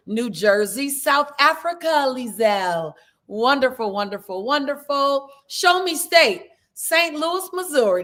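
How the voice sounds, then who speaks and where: A woman's voice: fairly high pitch, a bit bright. A woman hosting a live online session, greeting viewers by name with upbeat, playful asides. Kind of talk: lively live-stream chat. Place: indoors at a video production shoot.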